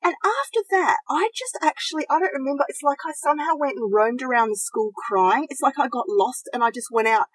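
A woman's voice: on the high side, quick pace, hardly any pauses, no room sound, low-quality recording. A woman, talking openly and reflectively about her own feelings in a casual podcast chat. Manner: open, reflective, self-searching, lively. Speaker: podcast co-host.

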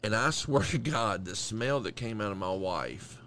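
A man with a lowish voice trades crude talk on a podcast, swearing loosely and laughing easily. Faint noise sits under the recording. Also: animated, a bit bright. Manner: loose and profane, quick to laugh and agree. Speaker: podcast co-host. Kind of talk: crude casual chat.

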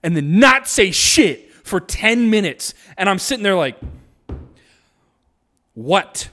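A young man co-hosting a casual comedy podcast, animated and acting out quotes in exaggerated voices. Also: high-pitched, normal speed. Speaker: podcast co-host.

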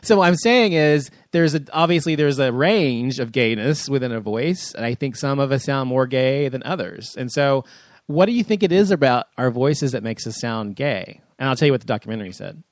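A gay man leads a casual round-table talk, voice sitting at a middling pitch and recorded dry and close. He rambles and fills pauses with ums while steering the questions to his co-hosts. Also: dry recording. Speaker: podcast host. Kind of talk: casual group discussion.

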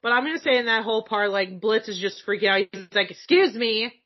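A woman's voice: mid-range voice, fairly even intonation, fast. A woman chatting casually about a cartoon episode, giggling often, swearing freely and acting out quotes. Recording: slightly dull lo-fi sound.

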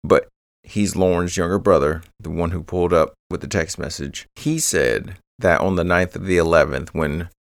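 A man's voice: sits low, normal speed, gravelly, dry recording, clean studio sound. A man hosting a true crime podcast, rambling through the case with joking asides. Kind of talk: casual true crime narration.

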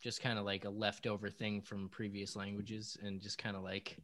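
A man from the Boston area chatting casually in a jokey, animated way. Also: fairly low pitch, normal speed. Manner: jokey, animated, does funny voices. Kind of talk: casual chat.

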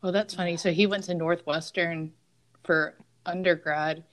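A woman's voice: on the low side, steady tone, moderate pace. A woman co-hosting a podcast in casual chat, amused and laughing often. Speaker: podcast co-host.

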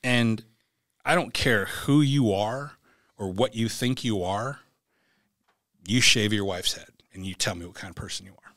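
A man telling a raw personal story in an interview, blunt and halting, swearing as he goes. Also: on the low side, a bit bright, no room sound, studio quality. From United States. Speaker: podcast guest.

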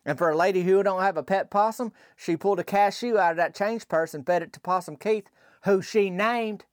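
Man spinning a folksy tall tale, rambly and chatty, kinda high voice, dry close mic. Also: clear, resonant tone, no echo. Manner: rambling, colloquial, drawn-out asides. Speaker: podcast storyteller. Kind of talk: folksy comic storytelling.

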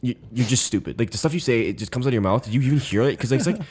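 A man co-hosting a podcast in casual chat, animated and blunt, often swearing and mimicking people he talks about. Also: mid-range voice, rapid-fire, breathy edge. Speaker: podcast co-host.

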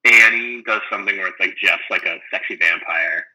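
A man chatting casually, rambling and animated as he retells funny scenes, full of "like" and "um". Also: deep voice, a little fast, rough recording. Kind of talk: casual chat about a sitcom.

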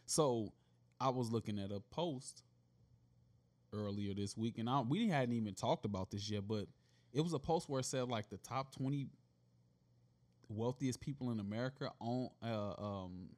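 A man's voice: medium pitch, moderate pace, a little mellow. Tipsy guy cohosting a chill chat, rambly, jokey, lots of you know and like. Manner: rambling, joking, a bit tipsy. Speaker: podcast co-host. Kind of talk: casual chat.

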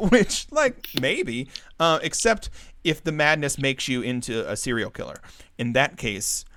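Casual podcast co-host, male, animated storyteller who laughs a lot and jumps up in pitch for quoted lines. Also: unhurried. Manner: animated, laughs often, acts out characters' lines in a raised voice. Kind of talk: casual chat recapping a comic story.

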